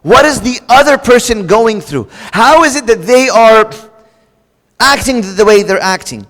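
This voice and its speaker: High-voiced preacher in an echoing hall. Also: male voice, a little slow. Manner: animated, acts out quoted spouses in a raised voice. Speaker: pastor. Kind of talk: sermon. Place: church. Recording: long reverb of a church hall.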